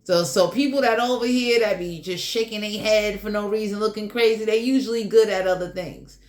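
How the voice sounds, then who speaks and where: A woman's voice: mid-range voice, a little fast, darkish tone, roomy sound. A woman giving a casual general tarot reading in a blunt, crude, joking way, swearing freely. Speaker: tarot reader.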